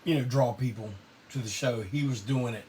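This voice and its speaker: A middle-aged man, hosting a live online show and telling stories casually, salty and quick to laugh. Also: mid-range voice, a little mellow. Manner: laid-back Southern drawl, salty, laughs often. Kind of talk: casual storytelling to a live audience. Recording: distant mic with faint background noise.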